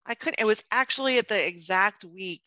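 Bright, earnest woman telling a family story. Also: mid-range voice, fairly quick, no room sound, highs cut off. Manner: earnest, emotional retelling with frequent laughs and restarts. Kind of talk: casual conversational storytelling.

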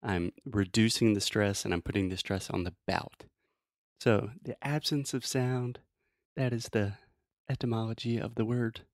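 A man teaching English pronunciation in a casual, playful way, explaining slowly with many examples. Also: fairly low pitch, fairly even intonation, no room sound, studio quality.

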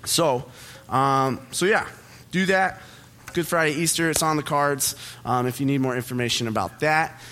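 A young pastor gives a casual sermon in a church auditorium, chatting about himself in a self-deprecating way and laughing at his own jokes. His mid-range voice has a fairly bright tone and moves at normal speed.

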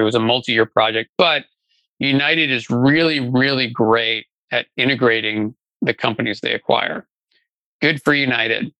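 A man's voice: medium pitch, sharp tone, no room sound, low-quality recording. A middle-aged man talking casually as an interview guest, telling his career story with lots of fillers and restarts. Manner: conversational, many fillers and restarts. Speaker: guest, venture investor.

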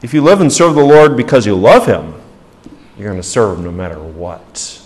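A man's voice: moderate pace, a little mellow. Emphatic man preaching a sermon. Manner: emphatic preaching, rising for stress, dropping low at the ends of phrases; asks the congregation rhetorical questions. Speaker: pastor.

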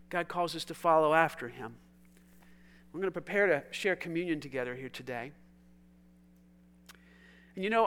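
A male pastor with a strikingly high voice delivers his sermon. His tone is bright and forceful, and he talks easily with his congregation. He moves from quiet, chatty asides to loud, excited calls. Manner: conversational and energetic, swinging from quiet to loud and exuberant. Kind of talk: sermon with congregation call-and-response.

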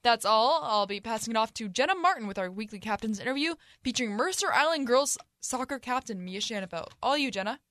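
A woman's voice: fairly high pitch, animated, fast, few pauses, a bit bright, no echo, clean studio sound. A teenage girl reading the sports update on a student radio show, upbeat and scripted.

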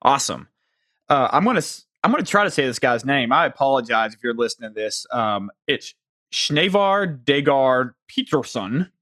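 A man's voice: medium pitch, expressive, fast talker, bright, forceful tone, no room sound, clean studio sound. A man with a Southern US accent hosting a podcast, casually reading listener questions aloud. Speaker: podcast host.

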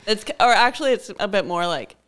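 A woman's voice: mid-range voice, lively intonation, quick pace, a bit bright, smooth. A hungover woman co-hosting a casual podcast, playful and giggly, teasing her co-host.

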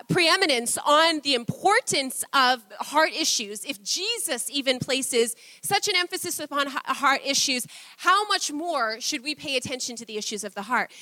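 Woman preacher, high and bright, close dry sound, casual sermon with frequent laughs. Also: dry recording. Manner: chatty, laughs often, acts out quotes. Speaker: pastor. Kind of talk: conversational sermon.

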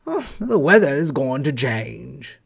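A man voicing a hoarse old male yard dog that barks its warnings. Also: mid-range voice, sing-song, measured pace, a bit bright, full character voice. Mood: knowing. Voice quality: hoarse, barking.

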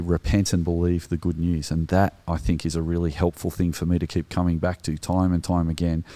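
A man's voice: sits low, dark tone, dry recording. A middle-aged Australian man co-hosting a podcast, talking in an earnest, reflective way with frequent hesitations. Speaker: podcast co-host. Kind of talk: casual podcast discussion.

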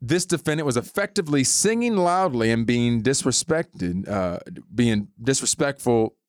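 A man co-hosting a comedy podcast, talking in an animated, jokey way with frequent laughter. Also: medium pitch, moderate pace, no room sound, studio quality. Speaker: podcast co-host. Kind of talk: casual comedic chat.

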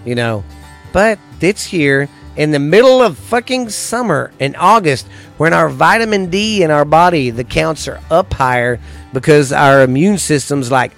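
A man hosting a podcast, ranting in a profane, agitated way that swings between loud and quiet. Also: on the high side, expressive, unhurried, creaky, faint music behind. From United States. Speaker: podcast host. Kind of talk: angry solo podcast rant.

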